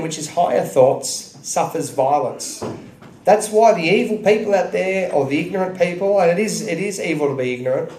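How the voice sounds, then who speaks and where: With a fairly high-pitched but dark-toned voice, a man in his thirties gives an earnest, preachy speech full of stories. He is addressing a public gathering in a club function room, where the hall is echoey.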